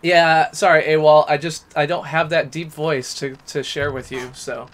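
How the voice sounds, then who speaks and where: A man's voice: fairly high pitch, level tone, moderate pace. A man streaming a game live, chatting casually into a desk microphone in a rambling, self-deprecating way. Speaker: gaming streamer. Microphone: USB desk microphone.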